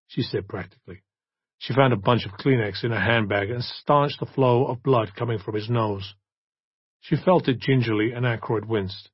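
A man narrating an audiobook in a steady, even reading voice. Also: fairly low pitch, normal speed, husky, no echo, highs cut off.

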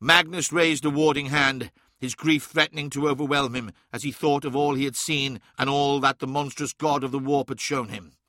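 Man, audiobook narrator, dramatic scripted reading, bright forceful tone, dry close recording. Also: mid-range voice, steady tone, normal speed, dry recording. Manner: dramatic, swelling and dropping in intensity.

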